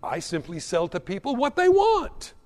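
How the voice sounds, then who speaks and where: A man's voice: high-pitched, wildly swooping pitch, moderate pace, darkish tone, voice pushed up. A man doing a snide, oily shopkeeper. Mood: smooth. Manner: oily, genteel salesman patter. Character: smooth snide male shopkeeper selling religions.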